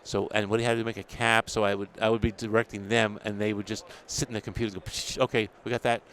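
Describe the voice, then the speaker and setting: Older guy from new york, gravelly low voice, rattles off stories fast, little bit of background hum. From New York City. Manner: animated storyteller acting out quoted exchanges, laughs often. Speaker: dental technology editor, guest. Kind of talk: casual interview storytelling. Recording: faint ambience at a trade show.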